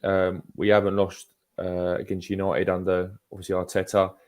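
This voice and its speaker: A man's voice: low-pitched, monotone, moderate pace, a little mellow. A man co-hosting a football podcast, chatting casually, calling people mate and going over the same points again. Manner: calls people mate, repeats himself. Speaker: podcast co-host.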